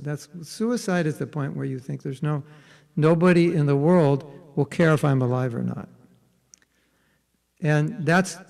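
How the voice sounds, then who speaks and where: A man's voice: on the high side, gravelly, darkish tone, long reverb tail. A man teaching a spiritual workshop in a conversational way, often checking in with his listeners. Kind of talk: interactive spiritual workshop talk.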